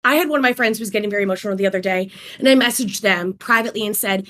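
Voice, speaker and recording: A woman speaking as a panel guest in an online debate, making her points in a measured, articulate way and listing them one by one. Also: mid-range voice, fairly bright tone.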